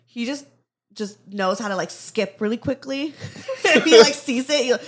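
A woman's voice: fairly high pitch, lively intonation, a little slow, very noisy. A woman hosting a podcast in casual chat, giggly and rambling with lots of fillers. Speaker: podcast host.

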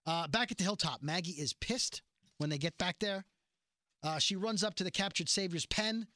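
His high-pitched voice comes through clean and echo-free from the studio. He's a podcast host casually going over a TV episode, animatedly acting out the lines he quotes with rapid character voices.

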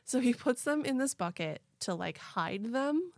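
A young woman hosting a podcast, telling a story in a casual, animated way with lots of "like" and laughter. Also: sits high, measured pace, no echo, clean studio sound. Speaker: podcast host.

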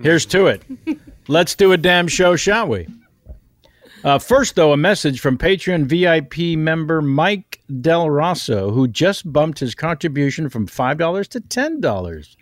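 Lively joking male podcast host. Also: fairly high pitch, unhurried, no room sound. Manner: playful, introduces guests with jokey nicknames. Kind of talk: casual comedic banter.

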